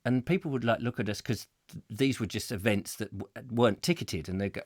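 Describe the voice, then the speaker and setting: A middle-aged man hosting a comic live chat show, telling stories with lively acted-out voices. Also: fairly low pitch, a little fast, hardly any pauses, dry recording, studio quality. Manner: lively storytelling, acting out voices with laughs. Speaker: host.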